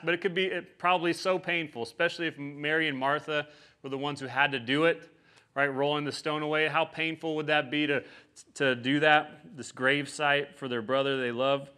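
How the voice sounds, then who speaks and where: A man's voice: on the high side, sharp tone. A pastor giving a conversational sermon, often checking in with his listeners by asking "right?".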